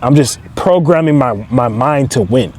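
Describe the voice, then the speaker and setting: A man's voice: medium pitch, expressive, moderate pace, a little mellow. A man giving an emphatic motivational talk outdoors, driving his points home with repeated affirmations. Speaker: entrepreneur and motivational speaker.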